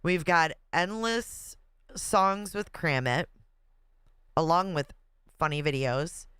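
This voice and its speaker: A livestream host in easy, chatty mode, reading out viewer comments and laughing along. The voice is smooth and clean, recorded dry and close on a desk mic. The delivery is slow and unhurried. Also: medium pitch, animated, a bit bright, no echo. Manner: chatty, laughs often, reads comments aloud.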